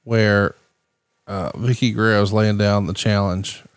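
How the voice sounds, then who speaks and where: A man's voice: on the low side, flat delivery, unhurried, smooth, dry recording. A man in his forties co-hosting a podcast, ribbing his partner with mock outrage. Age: 40s. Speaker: podcast co-host. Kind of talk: casual chat.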